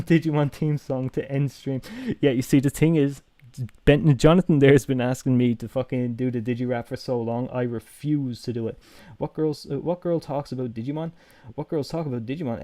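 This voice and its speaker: A man's voice: medium pitch, dark tone, no echo. A young Irish man with a toned-down Dublin accent, chatting casually on a live stream, swearing freely and restarting his sentences. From Ireland.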